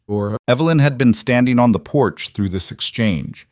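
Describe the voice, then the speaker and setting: A man reading a frontier romance story aloud in measured, even scripted narration. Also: medium pitch, no room sound, studio quality.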